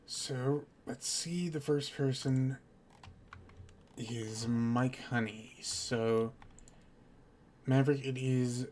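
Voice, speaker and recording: A male game master narrates a tabletop session, thinking aloud as he goes. He talks slowly at a middling pitch. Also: fairly even intonation, darkish tone, slight background noise. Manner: unhurried, thinking aloud with fillers.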